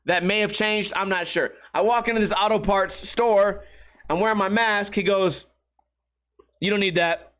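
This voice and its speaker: High-voiced man riffing profanely. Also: moderate pace. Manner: profane, rambling, animated storytelling. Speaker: podcast host. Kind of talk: casual comedic monologue.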